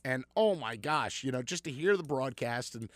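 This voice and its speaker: A man's voice: medium pitch, animated, normal speed, no echo. A man co-hosting a sports talk radio show, teasing his partner dryly and reminiscing about old broadcasts. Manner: dry, teasing, nostalgic. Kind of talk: casual sports radio chat.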